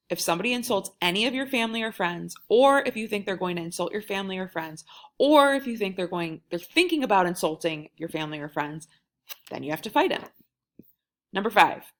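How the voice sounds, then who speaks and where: A woman reading a novel aloud in a wry first-person storytelling manner, lively when voicing the quoted lines. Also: fairly low pitch. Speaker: audiobook reader.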